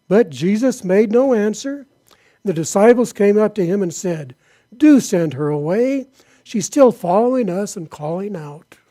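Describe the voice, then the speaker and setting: A man's voice: high-pitched, warm tone. A man preaching a sermon, reading Bible passages aloud and then asking his listeners questions. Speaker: pastor.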